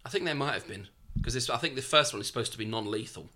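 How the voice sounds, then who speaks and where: Lively bright-voiced man dissecting a film. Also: medium pitch, racing. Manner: animated, reasoning aloud with rhetorical questions. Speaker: podcast co-host. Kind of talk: casual film discussion.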